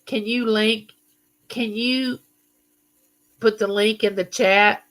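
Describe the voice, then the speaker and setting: Lady doing a live chat, chatty, reads comments out loud, bright clear voice. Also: medium pitch, fairly even intonation, slow pace. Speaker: livestream host.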